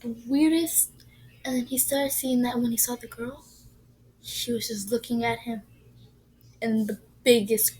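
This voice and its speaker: Breathy excitable woman telling a story. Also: on the high side, poor audio. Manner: rambling, excitable, often drops to a whisper. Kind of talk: casual story time.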